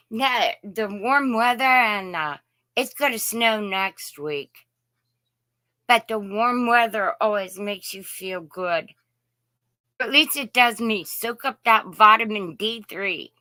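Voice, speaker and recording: A woman's voice: a little high, takes it slowly, sharp tone, dry recording. A woman from Indiana hosting a casual live chat, greeting viewers by name in a folksy way. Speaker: live stream host.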